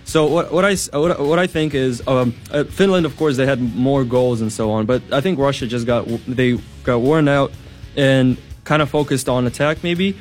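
A man's voice: medium pitch, moderate pace, faint music behind. A man on a sports chat panel who stumbles and restarts, then jumps in eagerly with his opinions. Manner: hesitant, restarts often, eager to jump in.

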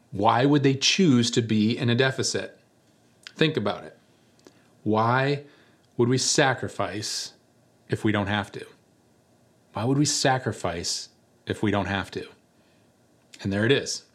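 A man, a church pastor, giving a sermon in a relaxed storytelling way, sometimes acting out the people in his story. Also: fairly low pitch. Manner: conversational storytelling with animated voices for quoted characters.

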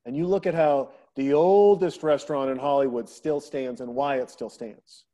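A man's voice: mid-range voice, moderate pace. A middle-aged man telling family stories in a casual podcast conversation, acting out the quoted voices of the people in them. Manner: animated, acts out quoted voices of his daughter.

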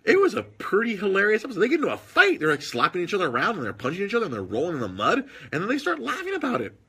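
A man telling stories in casual podcast chat, animated, with husky tone. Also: sits high, rapid-fire. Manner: animated storytelling with put-on quoted voices.

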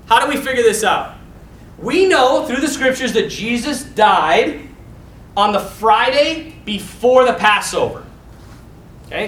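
A priest tells stories in a sermon, lively and animated, with pitch swinging up and down as he laughs along. The sound is roomy and echoing, picked up from well away from the mic. A faint hum sits underneath. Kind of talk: storytelling sermon. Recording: echoey hall, mic far off, faint noise.

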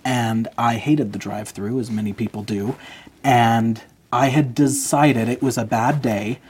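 A man's voice: medium pitch, fairly even intonation, measured pace, a little mellow, slightly rough. A man in his twenties, a podcast guest, earnestly telling a personal story.

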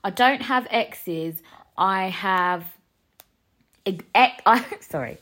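A woman, ranting in a casual solo podcast, animated and rambling with frequent laughs. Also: mid-range voice, slow, pauses often. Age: 20s. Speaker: podcast host.

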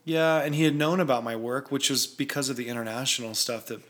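A man, a music video director and guest, chatting in a relaxed way about his work. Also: medium pitch, fast. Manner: relaxed, chatty, laughs easily. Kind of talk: casual chat.

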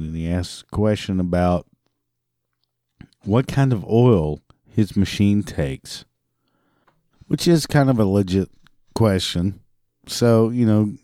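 A man's voice: low-pitched, dark tone, no echo, studio quality. A man in customer service ranting through a story about a stubborn customer, profane, sarcastic and exasperated. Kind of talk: storytelling rant.

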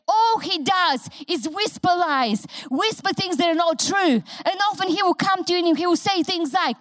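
High-voiced accented woman pastor preaching. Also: dry recording, clean studio sound. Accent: non-native English. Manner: impassioned preaching, repeats phrases for emphasis. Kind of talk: sermon.

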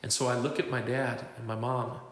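A man's voice: mid-range voice, level tone, a little fast, a bit bright, slight background noise. A man preaching a testimony, telling his story and acting out the voices of the people he quotes. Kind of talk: testimony sermon. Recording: echoey hall.

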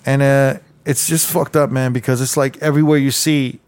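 A man co-hosting a casual chat, swearing freely and telling stories with animated energy. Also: medium pitch, moderate pace, clear, resonant tone, dry recording. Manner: profane, animated storytelling.

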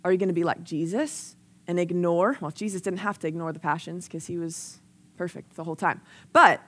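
A woman's voice: mid-range voice, a bit bright. A young adult woman preaching a sermon in a casual, earnest way, sometimes acting out the people she quotes. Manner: conversational and earnest, acts out quoted voices.

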